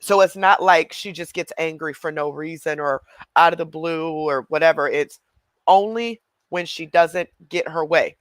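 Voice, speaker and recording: A man's voice: a little high, moderate pace, a bit bright, no room sound. A man hosting a reaction video, chatting casually and talking straight to his viewers. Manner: chatty, addresses viewers directly.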